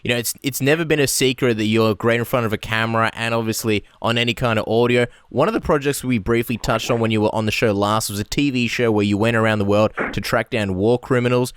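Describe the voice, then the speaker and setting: A male radio host rattles off questions at a brisk clip, joking with his guest. His voice sounds close and dry, with no room behind it. His pitch stays in a middle range. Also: steady tone, smooth, dry recording. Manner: quick, jokey interviewer. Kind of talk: radio interview.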